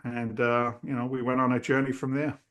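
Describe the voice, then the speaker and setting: A middle-aged man, telling his story as a guest in a podcast interview, acting out the people in it. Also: fairly quick. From New England, US. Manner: animated storyteller who acts out the people in his story, pitch jumping up in quotes. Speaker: guest, real estate investor.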